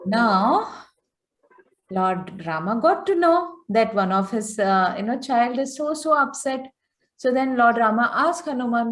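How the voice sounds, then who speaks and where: A woman telling a devotional story to children on a video call, chatty and animated, full of fillers and coaxing questions to her listeners. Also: on the high side, measured pace. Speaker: storyteller teaching children online.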